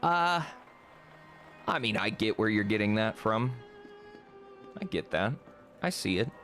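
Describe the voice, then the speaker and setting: A man's voice: fairly low pitch, expressive, measured pace, a bit bright, soft background music. A man streaming a game, chatting and swearing casually as he plays. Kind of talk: casual gameplay commentary.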